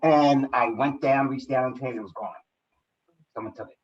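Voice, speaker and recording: At a seminar, a man shares personal anecdotes conversationally, often restarting sentences and saying "you know." His voice is medium-pitched and steady at a moderate pace, heard through a distant, dull lo-fi recording.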